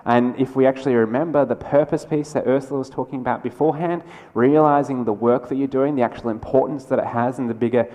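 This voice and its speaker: A man delivers a conference keynote in a chatty, energetic way, with quick asides and restarts. His voice sits at a middle pitch. The sound carries the long reverb of a large lecture hall. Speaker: keynote speaker.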